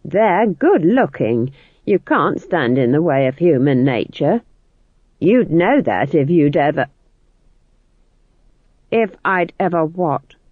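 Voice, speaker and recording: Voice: medium pitch, big pitch swings, slow, long pauses, dry recording. Brief: severe old witch, read by the narrator, icy and cutting, dry tinny recording. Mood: scornful. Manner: cold and cutting, speaks quietly with contempt. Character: proud stern old witch woman, cold and severe. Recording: tinny phone-like audio, dry.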